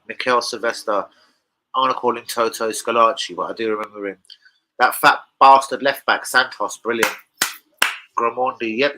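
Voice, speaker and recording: Young lad streaming about footy, sweary, rambly, bright kinda tense voice. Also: male voice, mid-range voice, poor audio. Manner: sweary, rambling, animated banter with chat. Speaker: football channel livestream host. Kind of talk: casual live-stream chat.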